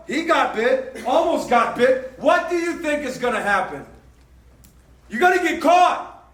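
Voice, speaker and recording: High-voiced emphatic pastor preaching. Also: male voice, big pitch swings, measured pace. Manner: emphatic, repetitive, swings loud. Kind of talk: sermon. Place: church hall. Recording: roomy echo from far off.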